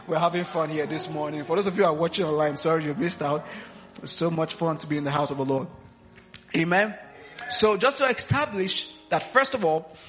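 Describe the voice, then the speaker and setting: A man's voice: a little high, fairly bright tone, highs cut off. A man preaching a sermon in a church, playfully quizzing the congregation and laughing with them. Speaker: pastor. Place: church hall.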